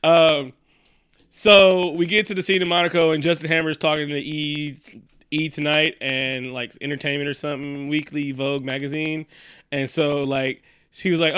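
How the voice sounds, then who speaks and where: Bright-voiced man in loose, profane chat. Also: fairly high pitch, moderate pace, clear, resonant tone, dry recording, clean studio sound. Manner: profane, joking, animated storytelling. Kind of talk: casual movie recap chat.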